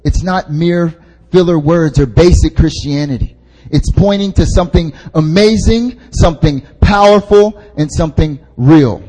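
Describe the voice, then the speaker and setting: A man's voice: on the high side, moderate pace, warm tone. A young man, an intern pastor, preaching at a prayer meeting in a casual, joking way, repeating his key points for emphasis. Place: church hall. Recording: long hall reverb.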